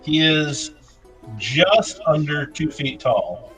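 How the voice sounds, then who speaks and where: A man with a bright, lively voice chatting on a live stream, his pitch swinging widely as he talks. He laughs easily and often loses his thread, trailing off with fillers. A faint trace of music sits in the background. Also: takes it slowly, poor audio. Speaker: toy customizer, co-host. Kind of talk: casual chat on a live stream.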